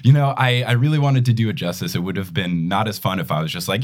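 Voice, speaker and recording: A man in his thirties hosting a casual podcast, playful and quick to laugh. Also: lowish voice, expressive, a little hiss or hum. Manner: playful, quick to laugh, grandiose when reading titles. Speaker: podcast host.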